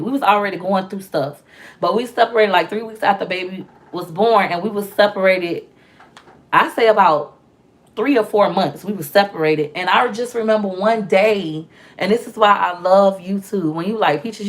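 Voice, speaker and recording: Candid, animated woman vlogger. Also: mid-range voice. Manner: candid and animated, acts out quoted voices. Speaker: vlogger and mother. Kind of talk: casual storytelling vlog.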